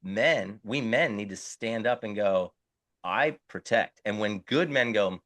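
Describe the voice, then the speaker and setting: A middle-aged man co-hosts a casual podcast conversation in a lowish, slightly bright voice at an unhurried pace, with no echo. He speaks earnestly and frequently restarts as he hunts for the right words.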